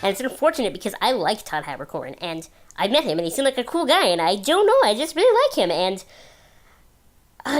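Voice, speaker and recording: A woman talking casually in an opinion vlog, chatty and gushing, with lots of fillers. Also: medium pitch. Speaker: video blogger.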